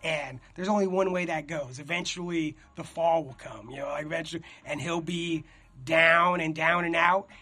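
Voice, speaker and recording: Young male host, rambling and excitable, high and husky, swears freely. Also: normal speed. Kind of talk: casual chat.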